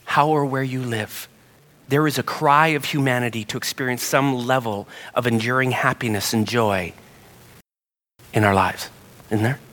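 A man preaching a sermon, telling a story in an animated way and getting higher and livelier as he gets excited. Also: normal speed. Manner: animated storyteller, rising pitch when excited. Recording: long hall reverb.

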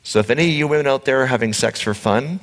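A man preaching a conversational sermon, animated, blunt and joking with his congregation. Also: medium pitch, quick pace. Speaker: pastor. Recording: echoey hall reverb.

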